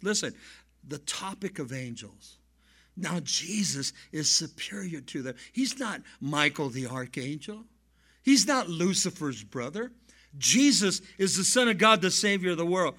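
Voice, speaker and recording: A male pastor preaching a sermon and telling stories, swinging from soft asides to loud emphasis. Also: high voice. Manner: animated storyteller, swings between soft and loud. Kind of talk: sermon with storytelling.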